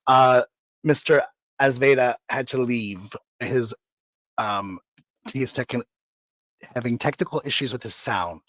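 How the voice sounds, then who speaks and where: A man co-hosting a casual talk show, chatty and excitable, often jumping up in pitch. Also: measured pace, pauses often, no room sound. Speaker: co-host.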